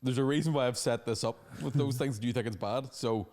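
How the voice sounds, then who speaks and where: A young Northern Irish man, co-hosting a comedy podcast, telling stories in a lively, swearing way. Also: medium pitch, a little fast. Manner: animated storytelling with profanity and put-on quoted voices. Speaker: podcast co-host and stand-up comedian. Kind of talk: casual comedic chat.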